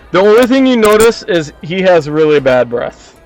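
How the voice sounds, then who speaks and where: A man's voice: high-pitched, a little mellow, rough recording. A man narrating a tabletop game as game master, describing scenes in a casual, filler-heavy way.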